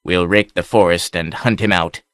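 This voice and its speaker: A man voicing a hot-tempered buccaneer who speaks slowly with a growl, in an audiobook reading. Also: sits low, steady tone, fairly bright tone, no room sound, clean studio sound. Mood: snarling. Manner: slow, growling. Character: snarling, hot-tempered male buccaneer leader.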